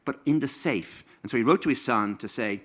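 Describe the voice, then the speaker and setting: Irish man, 60s, author at a live talk; wry comic storyteller with a bright, forceful voice. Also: mid-range voice, brisk. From Ireland. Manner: wry, playful, acts out quoted voices. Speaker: author giving a stage talk. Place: stage in a small venue.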